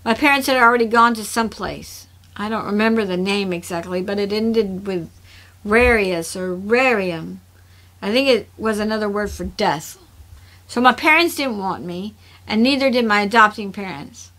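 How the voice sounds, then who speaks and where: A woman's voice: medium pitch, normal speed, a bit bright, close to an everyday voice. A woman voicing a hurt, defiant, fiercely proud young woman in a storybook reading, sounding bitter and defensive.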